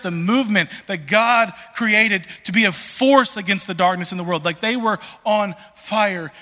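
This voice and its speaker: A man preaching a sermon in a conversational, animated way, full of restarts and filler words. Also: high voice. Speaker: pastor. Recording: long reverb in a large hall.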